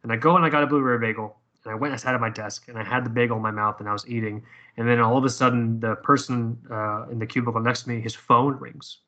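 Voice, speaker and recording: A man's voice: medium pitch, fairly even intonation, fast, bright, forceful tone, dull audio. A man telling a personal story in casual conversation, profane and rambling with many restarts.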